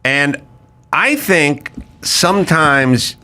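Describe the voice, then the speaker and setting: Male host from Los Angeles, lively pitch, sharp tone. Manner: interjecting, quick follow-up questions. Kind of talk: casual chat, asking questions.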